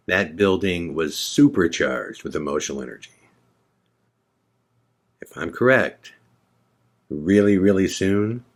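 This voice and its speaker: A man hosting a podcast, retelling a tense night with dramatic repetition and suspense. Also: deep voice. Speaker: podcast host. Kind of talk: storytelling podcast narration.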